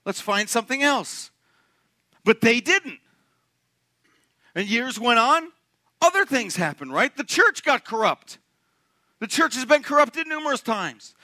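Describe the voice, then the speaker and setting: A young man preaching a sermon to his congregation, animated and joking, often asking the room questions. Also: extremely high pitch, dry recording. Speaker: pastor. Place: church sanctuary.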